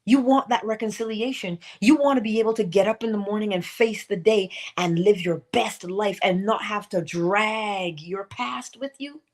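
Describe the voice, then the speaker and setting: A woman's voice: medium pitch, normal speed, hardly any pauses, a little mellow. A middle-aged woman hosting a morning inspirational livestream, asking pointed questions and throwing in playful asides to herself. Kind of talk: motivational talk.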